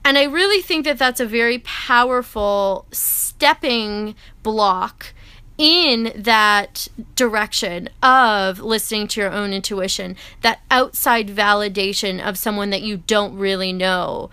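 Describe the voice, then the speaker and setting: A woman's voice: medium pitch, measured pace, bright, forceful tone, clear, resonant tone, dry recording. A woman chatting casually to camera as an astrology vlogger, rambling and checking in with "right?" and "like".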